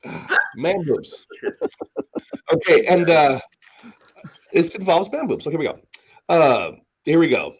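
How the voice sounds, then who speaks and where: A man's voice: a little high, very animated, measured pace, pauses often, breathy edge, rough recording. A man hosting a casual talk show, reading scripture aloud with stumbles and swearing sarcastically. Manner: profane, sarcastic, stumbling rereads. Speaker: podcast host.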